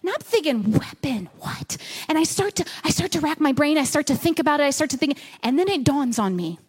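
A woman pastor telling a vivid story to her congregation, animated and dramatic, dropping to a hush at tense moments. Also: high voice, quick pace. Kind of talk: storytelling sermon. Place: church stage before a congregation.

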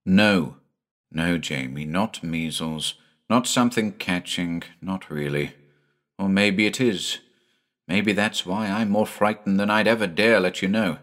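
A man voicing a careful, frightened country doctor speaking gently to his son. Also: on the low side, steady tone, a little slow. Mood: anxious.

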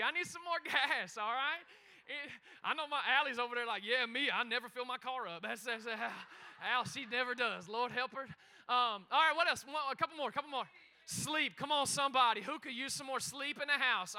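A man preaching a lively interactive sermon, calling out to the congregation and talking quickly and chattily. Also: very high voice. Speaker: pastor. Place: church sanctuary.

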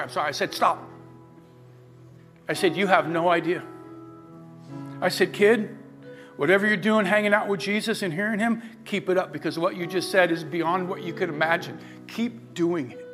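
A middle-aged man preaching a sermon as pastor, telling a personal story in a lively way and acting out the people he quotes. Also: high-pitched. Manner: animated storyteller, acts out quoted voices. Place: church sanctuary. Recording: faint guitar music behind.

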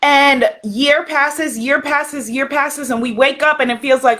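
A woman with a high, light voice hosts a spiritual livestream. She talks in a warm, encouraging way, greeting viewers by name and urging them on. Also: fairly even intonation. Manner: slow, hushed prayer delivery. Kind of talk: livestream talk with a spoken prayer.

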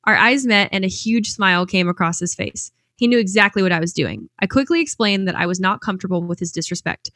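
A woman's voice: medium pitch, brisk, few pauses, fairly bright tone, dry recording, studio quality. A woman hosting a podcast as a coach, talking in an upbeat, chatty, enthusiastic way. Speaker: pageant coach and podcast host. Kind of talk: podcast monologue.

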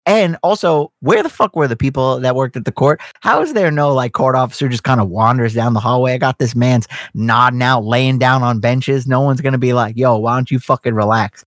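A man's voice: medium pitch, brisk, few pauses, fairly bright tone, no room sound. A young man telling a long, profane story in casual podcast chat. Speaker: podcast co-host.

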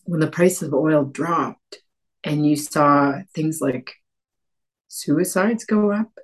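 Low-voiced woman author from Cape Breton. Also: slow pace, husky. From Cape Breton, Canada. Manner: animated, many restarts and acted-out quotes. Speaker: author guest. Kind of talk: conversational interview.

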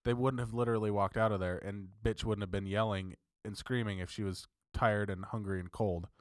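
A man's voice: fairly low pitch, steady tone, brisk, dry recording, studio quality. A man co-hosting a podcast, talking in an emphatic, argumentative way and swearing freely. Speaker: podcast co-host. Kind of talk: casual chat.

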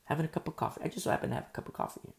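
A male pastor with a sore throat, teaching a Bible study in a conversational way, swinging between loud emphasis and soft, slow talk.

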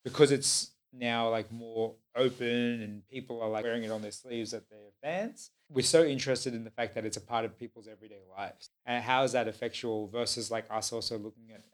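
A man's voice: mid-range voice, steady tone, fairly quick, few pauses. A man hosting a podcast, rambling in casual chat with many fillers. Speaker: podcast host.

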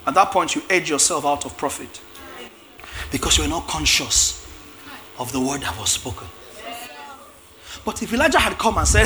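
A man preaching a lively sermon, acting out biblical characters with shouts and laughs. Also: fairly high pitch, moderate pace, long pauses.

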